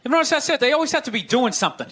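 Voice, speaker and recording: A man's voice: very animated, racing, fairly bright tone. A man doing a stand-up comedy routine, ranting in an exasperated way and breaking into mocking voices. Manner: ranting, exasperated, jumps into high mocking voices for quoted people. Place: comedy stage before a laughing audience. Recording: live stage mic with crowd laughter and noise.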